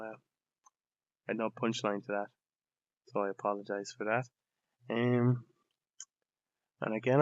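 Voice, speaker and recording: A young Irish man rambling through a sweary, sardonic comedic monologue as a podcast host. His mid-pitched voice sits close and dry on a dull, lo-fi recording. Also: gravelly, no room sound. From Ireland.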